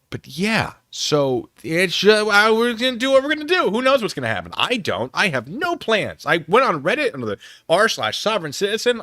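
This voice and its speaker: A man's voice: fairly high pitch, pushed and bright, dry recording, studio quality. A man hosting a live stream, chatting in a rambling, self-deprecating way at a desk microphone. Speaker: streamer host. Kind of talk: casual live-stream chat.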